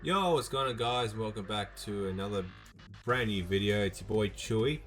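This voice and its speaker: A man's voice: fairly low pitch, moderate pace, fairly bright tone, soft background music. A young man hosting a casual gaming video, rambling with many fillers and restarts.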